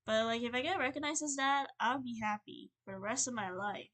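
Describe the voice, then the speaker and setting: A young woman on a livestream, venting in a rambling, halting, earnest way, full of fillers and restarts. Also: a little high, fairly bright tone. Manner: earnest and emotional. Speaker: streamer.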